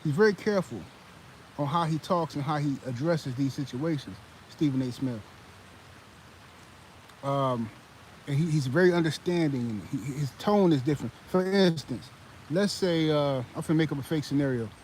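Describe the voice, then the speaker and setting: A man hosting a live sports commentary stream, talking in a heated, animated way with many fillers and restarts. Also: a little high, normal speed, a little hiss or hum, poor audio. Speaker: sports commentary channel host.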